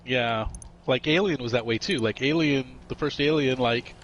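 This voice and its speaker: A man's voice: mid-range voice, moderate pace, muffled recording, slight background noise. A man in his forties, a gaming co-host telling rambling anecdotes in casual chat and swearing freely. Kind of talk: casual chat over gameplay. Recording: game car and street sounds behind.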